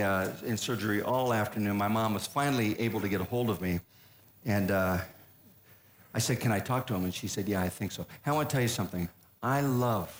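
An older man tells a funny personal story to a live audience from a stage. He speaks in a relaxed, conversational way with a middle-pitched voice and lands his punchlines deadpan. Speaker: comedic speaker.

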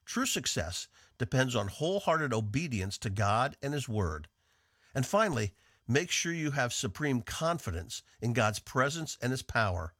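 A man from the northeastern United States teaching a devotional on the radio in an earnest, measured way. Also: mid-range voice, big pitch swings, a bit bright, no echo, studio quality. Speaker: radio Bible teacher and host.

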